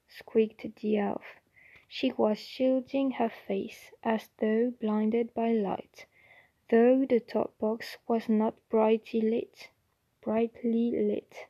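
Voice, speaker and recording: A woman doing an amateur audiobook reading, stumbling and restarting here and there. Her voice is a bit high and soft-toned, and she reads very slowly. The recording is close and dry. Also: flat delivery, no room sound, lo-fi sound. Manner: halting, with slips and restarts. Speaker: audiobook reader.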